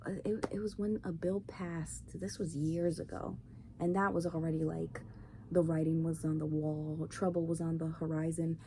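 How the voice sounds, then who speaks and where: With a lowish, dark voice, a woman hosts her own podcast and rants in a blunt, profane, casual opinion monologue. There's faint noise in the background of the recording.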